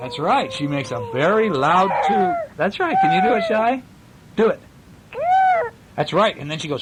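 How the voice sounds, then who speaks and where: An older man reading a picture book aloud to a child, animated and pointing out the pictures. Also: fairly high pitch, normal speed, noisy background. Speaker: storyteller.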